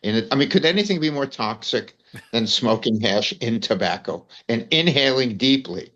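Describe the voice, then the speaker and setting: A man's voice: medium pitch, lively intonation, moderate pace, fairly bright tone, highs cut off. An older man with a New York accent, telling rambling anecdotes as an interview guest, peppered with "you know" and "man". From United States. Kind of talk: storytelling in casual conversation.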